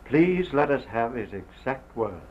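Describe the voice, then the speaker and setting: An actor playing a grave man who questions a witness in a measured, formal way, from an early sound film drama. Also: mid-range voice, very animated, muffled recording, a little hiss or hum.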